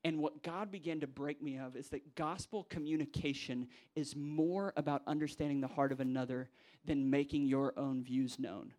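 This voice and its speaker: A young man, a pastor preaching a sermon to church leaders, acting out quoted voices with big jumps in pitch. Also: steady tone, normal speed, few pauses, darkish tone. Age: young adult.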